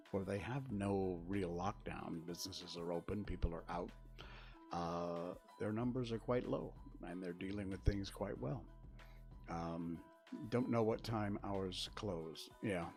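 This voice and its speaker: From a webcam desk setup in his spare-bedroom studio, an older man streams live and chats casually in a low, somewhat mellow voice. He rambles along, dryly sarcastic while going through his chat.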